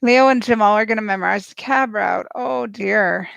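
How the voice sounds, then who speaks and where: A woman giving snarky, excitable live reaction commentary as she watches a show and cheers at the screen. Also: medium pitch, moderate pace, vocal fry, no room sound. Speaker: show recap host.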